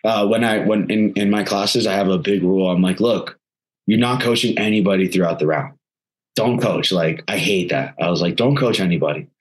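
A man's voice: low-pitched, fairly quick. A man co-hosting a podcast, chiming in with dry remarks in casual chat. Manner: dry one-word interjections. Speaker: podcast co-host.

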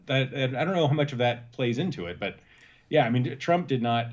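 A man's voice: mid-range voice, animated, fairly quick, highs cut off. A man from Texas co-hosting a political podcast, talking in a hesitant way with many restarts. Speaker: podcast co-host. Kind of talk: casual political chat.

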